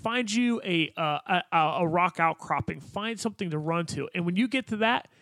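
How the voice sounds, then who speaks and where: A man with a fairly high voice co-hosting a podcast, pushing blunt, profane motivational advice with repetition and emphasis. The recording is dry and close. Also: lively intonation, normal speed, pushed and bright, no room sound. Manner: emphatic, motivational, swears freely. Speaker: podcast co-host. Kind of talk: casual chat.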